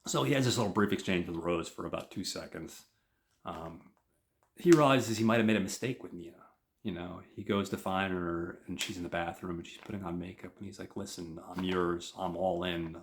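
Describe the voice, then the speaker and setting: A man hosting a podcast, recapping a show in a loose, rambling way. His voice sits very low, and he keeps leaning on fillers as he retells the story in his own words. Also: brisk, vocal fry, a little hiss or hum. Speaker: podcast host. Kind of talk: casual episode recap.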